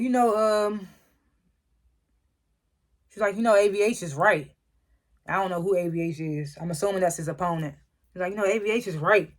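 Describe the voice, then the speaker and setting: Laughing, slangy episode recapper. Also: medium pitch. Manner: chuckles often while retelling scenes; acts out characters' lines in quick quotes. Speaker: TV episode reviewer.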